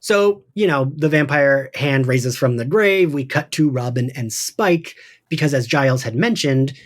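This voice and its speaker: Chatty podcast host, recaps with quoted bits, mid pitch, laughs easily. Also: a little slow. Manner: chatty, retells scenes in voices, laughs often. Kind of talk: casual podcast discussion.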